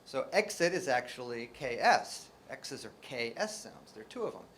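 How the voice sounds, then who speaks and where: A linguistics professor from New Jersey, a man with an American accent, delivers a joking academic lecture to a live audience, full of rhetorical questions and sounded-out example words. His mid-range voice is sing-song and fairly bright, at a normal speed. A little hiss or hum is audible.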